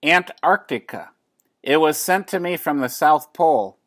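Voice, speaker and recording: An older man voicing a polite, patient man calmly explaining about his penguin. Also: a little high, measured pace, voice pushed up. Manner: mild, explaining.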